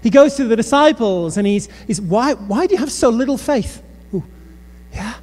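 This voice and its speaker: In the long reverb of a large hall, a British man preaches a sermon in an extremely high voice at normal speed. He tells funny stories with lively humor and speaks straight to the crowd with asides.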